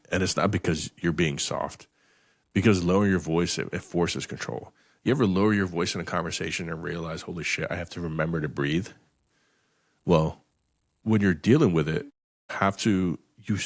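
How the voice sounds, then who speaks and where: A podcast host with a low, creaky voice talks bluntly and emphatically, giving motivational talk recorded in clean studio sound with no room echo. He swears often and repeats words as he restarts sentences.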